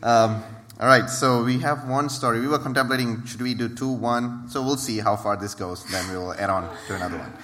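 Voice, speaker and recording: A man's voice: medium pitch, brisk, few pauses, bright, forceful tone. A man from Malaysia telling a church testimony, hesitant, with many fillers and restarts. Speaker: ministry worker. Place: church hall. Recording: reverberant hall.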